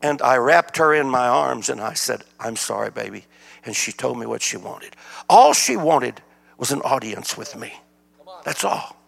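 A man's voice: mid-range voice, measured pace, vocal fry. An older man, preaching a sermon as a guest speaker, telling folksy stories. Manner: folksy storytelling, animated. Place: church sanctuary. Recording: church hall reverb.

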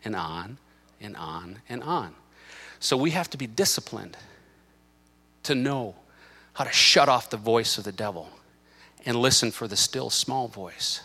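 Male pastor, emphatic impassioned sermon, bright and forceful tone, middle pitch. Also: expressive, measured pace, husky. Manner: impassioned, emphatic preaching with repetition. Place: church sanctuary.

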